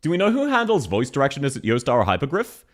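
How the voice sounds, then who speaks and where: A man's voice: medium pitch, huge pitch swings, fast talker. An Australian man chatting on a livestream, laughing often and greeting viewers by name. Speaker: streamer. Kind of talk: livestream commentary.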